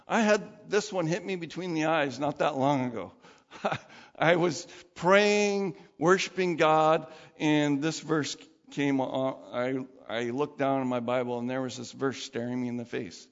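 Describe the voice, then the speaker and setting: A man preaching a sermon as pastor, conversational and animated, acting out quoted voices. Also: a little high, measured pace. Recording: dull sound with long hall reverb.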